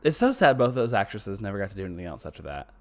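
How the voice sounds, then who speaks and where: A man co-hosting a podcast in casual chat, excitable, swearing and trailing off mid-sentence. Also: fairly low pitch, rapid-fire. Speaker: podcast co-host.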